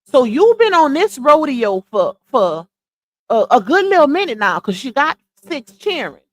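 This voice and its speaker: Female livestream host, casual scolding commentary, slightly high voice. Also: very animated, unhurried. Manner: blunt, scolding, addresses viewers directly.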